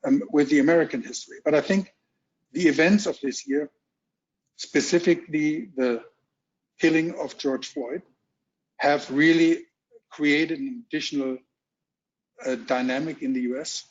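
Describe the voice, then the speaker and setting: German accent guy, keynote over a dull-sounding video call, slightly high voice, lots of ums. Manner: measured, halting delivery with frequent ums. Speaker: corporate executive keynote speaker. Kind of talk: keynote talk at a virtual roundtable. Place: home or office on a video call. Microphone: video call mic.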